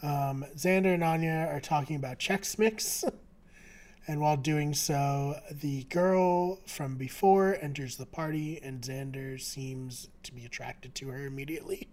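A man's voice: a little high, a little slow, a little mellow. A man co-hosting a podcast, casually recapping a TV episode, chatty, with lots of fillers and frequent laughter. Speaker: podcast co-host.

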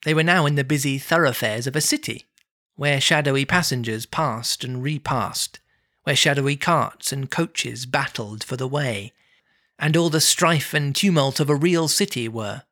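A narrator reading a classic story aloud in a measured, expressive way. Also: mid-range voice. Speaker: reader.

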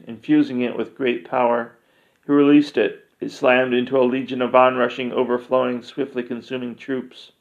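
A man reading a fantasy story aloud in a steady, deliberate narration. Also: mid-range voice, vocal fry. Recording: dull lo-fi recording.

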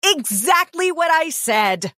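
A woman's voice: very high-pitched, slow pace, dry recording, clean studio sound. A woman co-hosting a podcast, chatting casually and telling stories with plenty of acted-out back-and-forth. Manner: animated storytelling, acting out both sides of exchanges. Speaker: podcast co-host. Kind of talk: casual chat.

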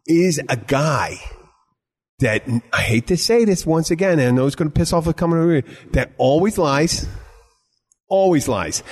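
A man's voice: on the high side, a little mellow. Male podcast host, rambling and emphatic, restarts often and swears freely, casual chat.

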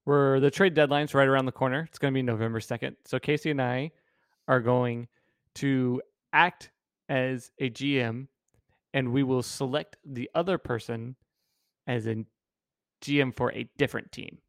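A man's voice: medium pitch, steady tone, normal speed, smooth, no room sound, studio quality. A man co-hosting a casual sports podcast, goofy and playful, pushing silly bits on his co-host.

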